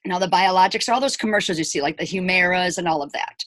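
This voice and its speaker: Speaking fast in a voice on the low side, with no echo, this elementary school teacher in her 40s chats to camera about her own experience. She re-enacts scenes by quoting people in dialogue and turns to viewers with emphatic, animated asides.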